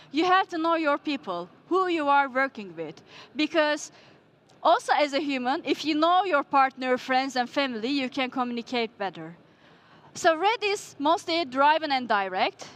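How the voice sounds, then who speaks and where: Woman, conference presentation, high pitched, explanatory, rhetorical questions, slightly non-native English. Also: fairly bright tone. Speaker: conference speaker on leadership. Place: conference stage before an audience.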